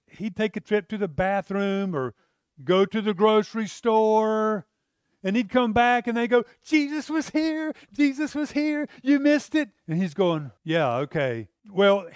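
A man's voice: sits high, dry recording, studio quality. A man preaching a sermon in a conversational way, acting out the lines of the people in the story. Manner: conversational, acts out the disciples' lines in character.

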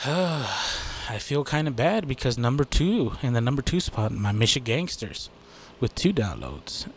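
There's a little hiss or hum behind this mid-range male voice. He's an American hosting a solo podcast, chatting casually and rambling, full of profanity, self-deprecating humor and frequent fillers.

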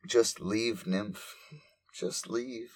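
A devoted android girl in service to her master, talking in a flat, quiet and dutiful way, as a man puts her on in his own low voice. The voice stays subdued and obedient. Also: very slow, no room sound. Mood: resigned. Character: calm devoted female android servant.

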